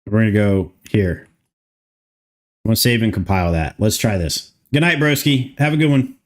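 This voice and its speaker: A man's voice: fairly low pitch, moderate pace. A man streaming live, thinking aloud and muttering as he codes, chatting casually and swearing now and then. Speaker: streamer coding a game mod. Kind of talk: casual livestream chat while coding.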